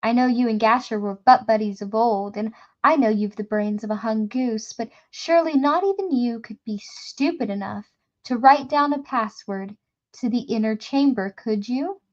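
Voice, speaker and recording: Brief: a woman playing a soft, thick-voiced gang boss in an audiobook, quietly menacing, muffled lo-fi sound. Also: extremely high pitch, moderate pace. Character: cold, menacing male gang leader.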